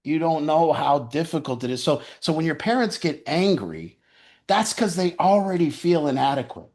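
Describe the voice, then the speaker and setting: A man's voice: fairly high pitch, animated, moderate pace, a little mellow. A man telling a personal story in a casual, rambling way. He often restarts his sentences and laughs as he talks. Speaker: storyteller sharing a personal account.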